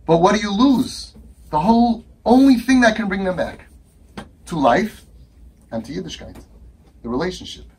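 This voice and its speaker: Brief: man with a high, husky voice, emphatic speaker to an audience. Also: animated, normal speed, pauses often. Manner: emphatic, rhetorical questions, acts out dialogues. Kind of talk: impassioned talk to a live audience.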